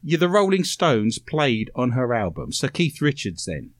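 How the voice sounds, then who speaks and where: Lively, playful male radio host. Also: medium pitch, unhurried, no room sound, studio quality. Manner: playful, teasing, full of innuendo. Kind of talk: comedic radio chat.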